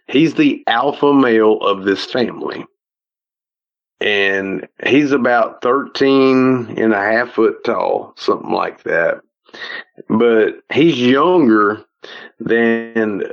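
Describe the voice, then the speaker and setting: A middle-aged man with a Southern US drawl tells his stories in a slow, unhurried way, circling back and restarting his sentences as he goes. His pitch sits in an ordinary middle range. The recording is a little dull and lo-fi. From American South. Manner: rambling, folksy, restarts often. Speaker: podcast guest. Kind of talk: casual storytelling.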